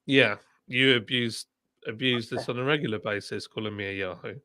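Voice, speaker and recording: A man's voice: medium pitch, brisk, bright, forceful tone, no echo, studio quality. A man hosting a casual livestream chat, talking bluntly and laughing often. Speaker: livestream host, former brewery boss.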